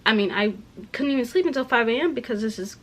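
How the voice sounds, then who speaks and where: A young woman rambling through a casual rant at home while packing, full of "like" fillers, dipping into soft asides. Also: a little high, expressive, fast talker, low-quality recording. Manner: rambling, heavy use of "like" fillers; drops to soft asides about clothes. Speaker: vlogger.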